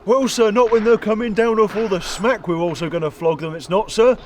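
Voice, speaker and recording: A deferential young British private, played by a man, hesitant and forever adding "sir". His voice sits high. Faint outdoor noise runs underneath. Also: a little fast, lightly acted. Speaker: comedy sketch actor. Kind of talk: comedy sketch acting.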